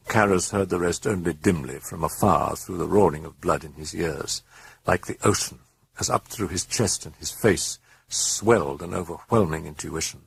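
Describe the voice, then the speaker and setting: A man narrating a horror novel in a dramatic, expressive way. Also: deep voice, normal speed, vocal fry, slightly rough.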